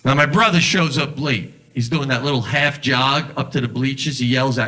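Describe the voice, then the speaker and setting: A middle-aged man doing a stand-up set, animated and exasperated, slipping into quick impressions. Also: mid-range voice. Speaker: stand-up comedian. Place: club stage with a laughing audience. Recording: live stage recording with crowd laughter.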